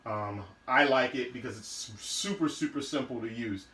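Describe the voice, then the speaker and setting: A man's voice: medium pitch, moderate pace, a bit bright. Rambling man in an echoey garage. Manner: rambling, loose, many fillers and restarts. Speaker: car build vlogger. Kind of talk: casual show-and-tell of car parts.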